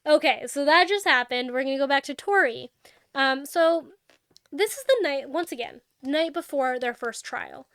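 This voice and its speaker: A young adult woman co-hosting a book podcast, retelling a novel's plot in casual chat and acting out the characters' lines in quick quotes. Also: high-pitched, no room sound, clean studio sound. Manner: animated storyteller, acts out dialogue with quick quotes.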